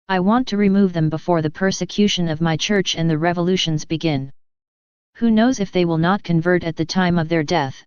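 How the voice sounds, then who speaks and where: Casting: a woman voicing a tender, solemn divine man, low and silky-clear, in a dull, dry lo-fi recording. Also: fairly quick, a little mellow, no echo, close to an everyday voice. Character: gentle sorrowful male divine speaker, man.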